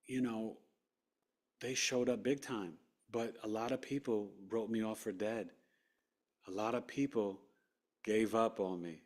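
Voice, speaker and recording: A man as an interview guest, earnestly recounting a personal story and acting out what people said. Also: fairly low pitch. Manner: earnest, animated, acts out quotes.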